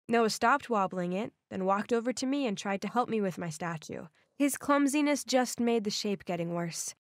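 A woman narrating a first-person animated story in a scripted, expressive way. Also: medium pitch, no room sound, studio quality.

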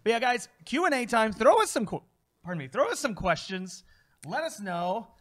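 A man's voice: sits high, sing-song, normal speed, a bit bright. A man co-hosting a wrestling talk show in casual chat, upbeat and enthusiastic, with frequent fillers.

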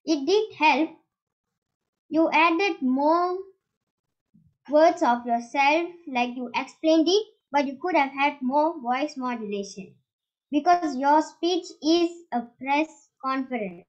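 A young woman evaluates a speech in an earnest, halting way. Her voice is high and unhurried, and the recording sounds dull and lo-fi. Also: expressive.

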